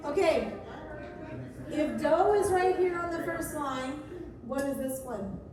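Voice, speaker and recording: High-voiced woman teaching music, echoey. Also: expressive, slow pace, noisy background. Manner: playful and encouraging, breaks into singing. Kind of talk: classroom music lesson with sung solfege. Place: church room with lots of reverb. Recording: echoey room picked up from a distance.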